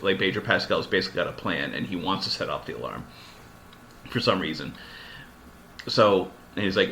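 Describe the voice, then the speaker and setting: Male podcast host, loose rambling storyteller, lower pitch with a sharp, forceful tone. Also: fast, slight background noise. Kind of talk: casual chat.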